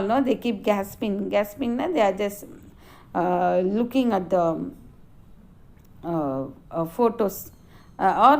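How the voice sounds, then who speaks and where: A woman's voice: a little high, darkish tone. A woman teacher explains a play to students, and she keeps correcting and rephrasing herself. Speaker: school English teacher.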